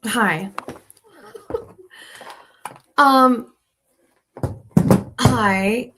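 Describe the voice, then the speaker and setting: A woman's voice: a little high, very slow, background noise. A woman hosting her own livestream from home, chatting casually and loosely with lots of fillers and restarts. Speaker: livestream host.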